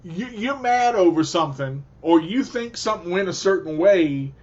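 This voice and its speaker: A man's voice: high-pitched, expressive, normal speed, muffled recording. A man hosting a radio show, giving an emphatic motivational talk in a preacher-like way and often repeating himself.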